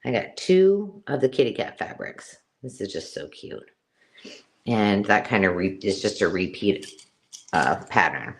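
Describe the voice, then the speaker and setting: A woman hosting a live-stream craft sale, chatty and excitable, counting items aloud as she shows them. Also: a bass voice, measured pace. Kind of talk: casual live-stream selling chat.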